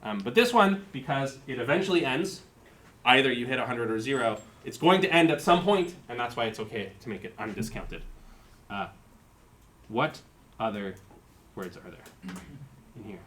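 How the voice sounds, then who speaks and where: A man's voice: medium pitch, expressive, normal speed, long pauses, a bit bright. A man giving a university lecture, explaining terms step by step and thinking aloud with fillers. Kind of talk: live-coded lecture.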